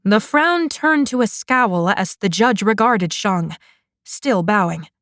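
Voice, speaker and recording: Slow, measured woman narrating an audiobook. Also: medium pitch, lively intonation, a bit bright, dry recording, clean studio sound.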